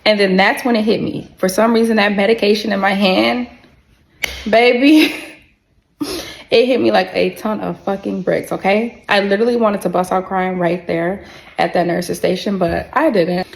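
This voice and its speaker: A woman tells her own story to camera in a casual storytime vlog, with a gravelly, creaky edge on her voice. She is candid and expressive, swears freely and talks straight to her viewers. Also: medium pitch, moderate pace.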